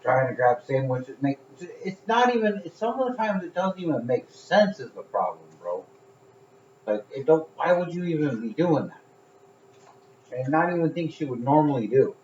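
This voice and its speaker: A man's voice: fairly high pitch, big pitch swings, moderate pace, a little mellow, slight background noise. A man telling rambling, profane stories in casual chat, laughing along as he goes. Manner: rambling storytelling, swears, laughs at own stories. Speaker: podcast co-host. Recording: echoey room, dull sound.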